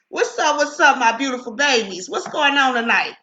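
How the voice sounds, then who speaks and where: A woman's voice: sits high, animated, normal speed, hardly any pauses, bright, forceful tone, roomy sound. A middle-aged woman hosting a casual live stream from home, chatty and greeting viewers by name, with a lingering cough. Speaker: livestream host. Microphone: computer webcam mic.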